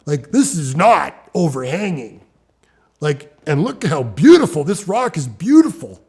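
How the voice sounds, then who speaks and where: Brief: middle-aged man, mellow dark voice, animated storyteller who restarts his sentences. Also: fairly high pitch, a little slow, husky. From Ontario, Canada. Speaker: rock climber interviewee.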